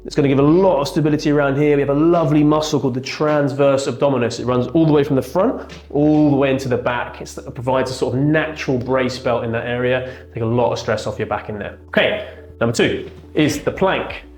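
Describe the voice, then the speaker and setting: Chiropractor explaining exercises, echoey room. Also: male voice, mid-range voice, steady tone, fast, a little mellow. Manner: explanatory, demonstrating exercises while talking. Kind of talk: exercise demonstration. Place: treatment room with a firm bed. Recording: echoey room, faint music.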